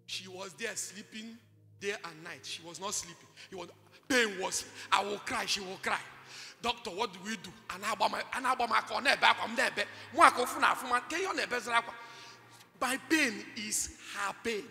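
A Nigerian man preaching to a conference crowd, his voice very high for a man and tensely bright with a gravelly edge. He throws questions at the congregation and erupts into shouts. The sound carries a long hall reverb, with faint music playing underneath. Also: normal speed. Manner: call-and-response preaching, bursts of shouting. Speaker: pastor. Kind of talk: sermon. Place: large church conference hall.

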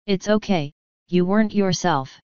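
Woman reading as a gentle, caring pony mage. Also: fairly low pitch, a little slow, clear, resonant tone, no room sound, natural voice. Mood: soothing. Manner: soothing and reassuring. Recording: dull lo-fi dry recording.

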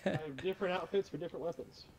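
During a video game, a man impatiently bosses his friend around, telling him what to do next in casual gaming chat. His fairly high voice is a little mellow and moves quickly, on a rough recording.

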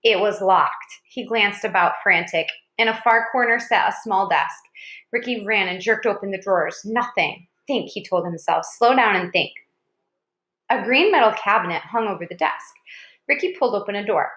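Female audiobook narrator, mid-pitched voice, reads with small stumbles, echoey room. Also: normal speed, sharp tone. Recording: roomy echo.

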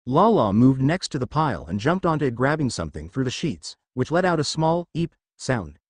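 A man narrating a fan fiction story in an expressive reading style. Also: mid-range voice, brisk, no echo, studio quality.

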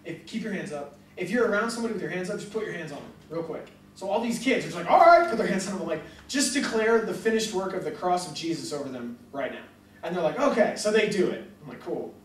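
A young man preaches animatedly to a crowd, telling jokey stories and acting out both sides of conversations. His voice is high and quick. It's captured from a distance by an echoey hall mic.

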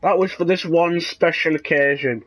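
A young man talks through a video game in a dry, deadpan way. His voice sits slightly high for a man, and he yelps now and then before dropping back into sarcasm. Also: normal speed, low-quality recording. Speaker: gaming video host. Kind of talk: casual gameplay commentary.

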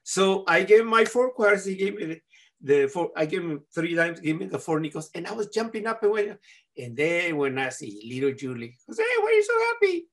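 Lively, high-voiced man giving a funny speech. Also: brisk. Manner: animated, often tags "right?". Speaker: contest speaker. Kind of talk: humorous contest speech.

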